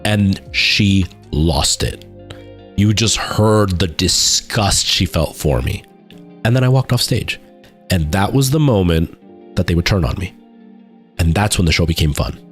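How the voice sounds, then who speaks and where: A man with a lowish voice chats loosely on his stream, circling back and restarting his sentences as he tells a story. Faint music plays quietly behind him. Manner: rambling storytelling with many fillers and restarts. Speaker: live streamer. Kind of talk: casual chat.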